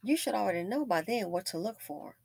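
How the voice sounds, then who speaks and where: A woman's voice: mid-range voice, expressive, fairly quick, creaky, a little mellow, husky, no echo. A woman hosts a casual commentary, her voice swinging up and down as she tells the story. She sounds opinionated and wry, and the recording is dry and close. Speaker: commentary channel host.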